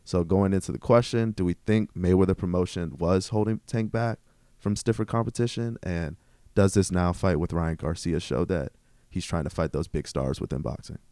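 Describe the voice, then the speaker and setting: A man with a very low, smooth voice presents a sports segment. He stumbles through it with frequent fillers, recorded dry and close. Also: warm tone, no room sound. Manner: halting, many ums and uhs. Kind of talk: reading a sports news segment.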